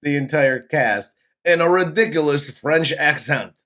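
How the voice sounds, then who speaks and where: Slow-talking man co-hosting a movie chat. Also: a little high, fairly bright tone. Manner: laid-back, profane, laughs often. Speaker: podcast co-host, movie reviewer. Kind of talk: casual chat.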